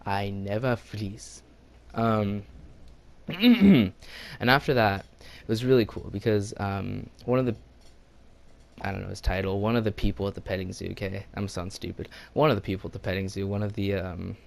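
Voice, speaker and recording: A man's voice: fairly low pitch, normal speed, vocal fry, darkish tone. A young man telling an impromptu story in a casual, rambling way, laughing often and putting on voices for quotes. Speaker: gaming channel host telling a story.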